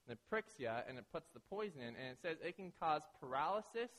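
A man preaching a sermon with a fairly high voice, talking to the congregation as if in conversation. He checks in often and slips into the voices of people in his stories. His voice rings out with the long reverb of a large hall. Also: big pitch swings, quick pace, a bit bright. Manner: conversational, keeps asking "right?"; acts out quoted voices. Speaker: pastor.

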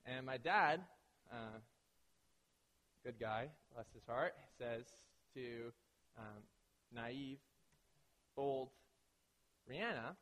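A man's voice: mid-range voice, drawn-out words, long pauses, a bit bright, in a large hall. A man preaching a sermon in a loose, conversational way, often checking in with "right?" and acting out the voices of people in his stories. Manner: conversational, keeps asking "right?"; acts out quoted voices. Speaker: pastor.

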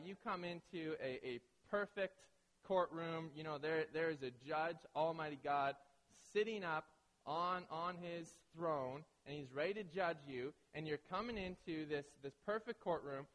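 A man's voice: on the high side, fairly bright tone, big-room sound. A man preaching a sermon in a loose, conversational way, often checking in with "right?" and acting out the voices of people in his stories. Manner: conversational, keeps asking "right?"; acts out quoted voices. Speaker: pastor.

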